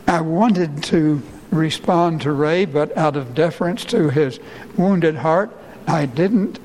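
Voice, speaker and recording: A male pastor preaching a sermon, his voice rising and slowing when he quotes people crying out. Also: darkish tone, long reverb tail, slight background noise, poor audio. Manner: rises in pitch and slows for quoted cries.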